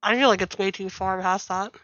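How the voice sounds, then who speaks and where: A woman's voice: mid-range voice, fairly even intonation, a little fast, fairly bright tone, dry recording, lo-fi sound. A woman player speaking for her character in a tabletop role-playing game, in a courteous, in-character way.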